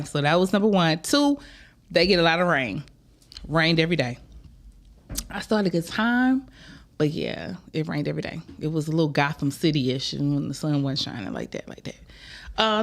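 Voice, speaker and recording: A woman hosting a live podcast, talking in a chatty, drawn-out, conversational way. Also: low-pitched. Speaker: podcast host. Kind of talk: casual live-show chat.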